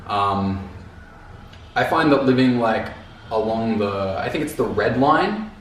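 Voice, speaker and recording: A man's voice: on the low side, lively intonation, takes it slowly, recorded from a distance. Rambling man in a very echoey room. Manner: rambling, loose, repeats words, casual slang. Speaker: vlogger. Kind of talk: casual talk to camera. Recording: very echoey room, off mic, faint noise.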